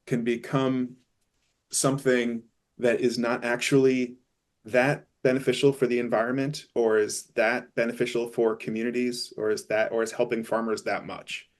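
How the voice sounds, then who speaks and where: A man on a webinar panel, thinking aloud in a halting, thoughtful way with many restarts. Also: medium pitch. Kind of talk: casual conversational talk.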